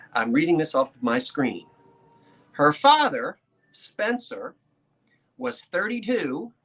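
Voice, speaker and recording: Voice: medium pitch, a bit bright, breathy edge. An antiques reseller, chatting casually to a live chat while showing a painting, rambling and laughing often as they build suspense. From South Jersey, USA. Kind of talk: casual show-and-tell talk to a live chat. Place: indoors at a desk with a laptop.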